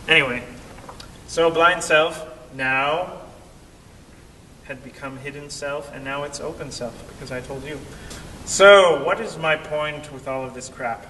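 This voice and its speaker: Man, very bright voice, animated storyteller, long cave echo, far from the mic, faint rumble. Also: unhurried. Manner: animated, acts out quoted voices. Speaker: vlogger. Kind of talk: storytelling vlog.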